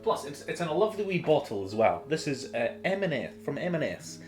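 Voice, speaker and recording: A man's voice: a little high, big pitch swings, brisk, soft background music. A young man with a Scottish accent chatting casually on a cooking stream, rambling and full of fillers. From Scotland. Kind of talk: casual chat.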